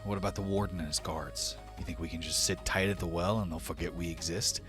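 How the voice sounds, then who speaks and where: A man voicing a gruff, skeptical male goblin convict in tabletop role-play. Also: sits low, steady tone, a little fast, over music, lightly acted. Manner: gruff, scoffing.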